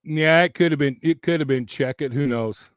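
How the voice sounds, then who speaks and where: A man's voice: fairly high pitch, normal speed, clear, resonant tone, no echo. A man hosting his YouTube channel in casual live chat from home, rambling with frequent restarts and laughs, his voice wearing thin. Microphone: very close to the mic.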